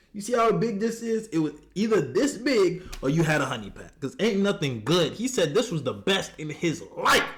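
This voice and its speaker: A man giving comedic reaction commentary, mocking and animated, jumping into high squeals of disbelief.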